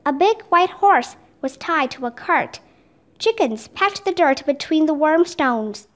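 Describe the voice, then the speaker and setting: Woman reader, children's audiobook, high voice, steady. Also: unhurried.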